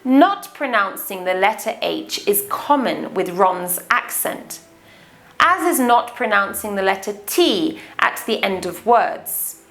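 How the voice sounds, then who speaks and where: A British woman explaining English accents as a teacher, talking carefully and deliberately. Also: medium pitch, animated, a bit bright. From Britain.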